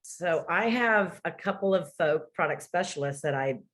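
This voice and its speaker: Woman co-host, deep voice, joking, laughs easily in casual chat. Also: lively intonation, moderate pace, a bit bright. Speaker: podcast co-host.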